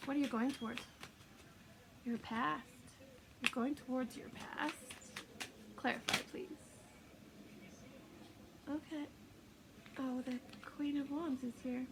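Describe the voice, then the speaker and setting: A woman giving a casual intuitive tarot reading, chatty and self-mocking, laughing often and sometimes dropping into soft whispers. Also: high-pitched, fairly even intonation, slow pace, long pauses, background noise. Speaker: tarot reader.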